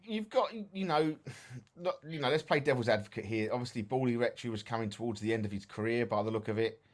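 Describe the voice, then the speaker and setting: Tired and yawning, this Essex-accented podcast co-host talks fast at a medium pitch. He chats casually on the ghost-hunting show and trips over his words reading notes aloud.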